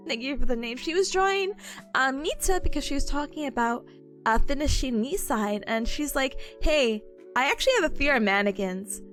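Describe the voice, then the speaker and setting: A woman streamer chatting casually with her viewers, bubbly and giggly, full of fillers. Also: high voice. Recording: faint music behind voice. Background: faint background music.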